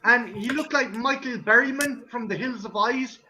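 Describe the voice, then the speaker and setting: A man with a bright, sharp voice chats loosely among friends. He curses freely and stumbles over his words now and then. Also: very high voice, a little hiss or hum, rough recording. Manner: laid-back, sweary, halting. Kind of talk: casual chat among friends.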